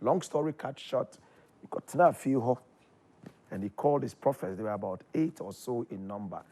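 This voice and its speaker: Husky Ghanaian man telling a lively story. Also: medium pitch, a little fast. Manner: animated storytelling, voice leaps up when excited. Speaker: guest. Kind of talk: casual chat.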